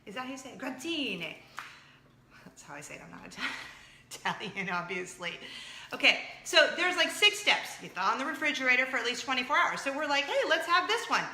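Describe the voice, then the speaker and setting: A woman's voice: high voice, quick pace, creaky, a little hiss or hum. Bubbly chatty woman in a roomy space. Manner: chatty, excitable, jumps around. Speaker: show host. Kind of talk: casual sponsored chat.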